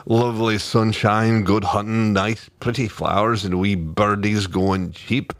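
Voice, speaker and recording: A man's voice: lowish voice, steady tone, measured pace, a bit bright, no echo. Man putting on a boastful Scottish pixie chief. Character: rowdy small blue Scottish pixie leader, male.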